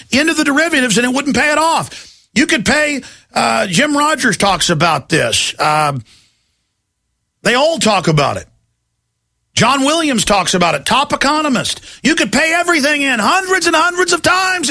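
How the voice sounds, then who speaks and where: A man hosting a talk radio show, yelling and ranting about politics and mocking what he opposes in put-on voices. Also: high-pitched. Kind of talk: impassioned political radio rant.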